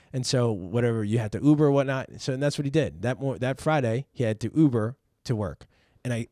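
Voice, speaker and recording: A man's voice: mid-range voice, a little mellow, dry recording, studio quality. Rambling, cursing man telling a story. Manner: rambling, repeats words, swears freely. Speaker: podcast host, parent. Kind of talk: casual storytelling chat.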